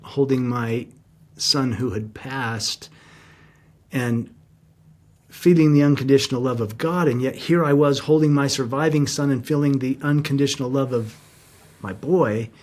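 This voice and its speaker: A man's voice: mid-range voice, a little slow. A middle-aged man, a guest in an interview, telling a personal story in an earnest, heartfelt, reflective way.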